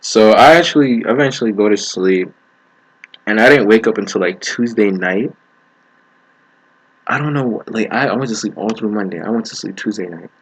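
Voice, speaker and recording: A man's voice: fairly low pitch, moderate pace, husky, low-quality recording. Slangy young man telling a story. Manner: slangy, laughs often while telling. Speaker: vlogger. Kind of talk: casual storytelling.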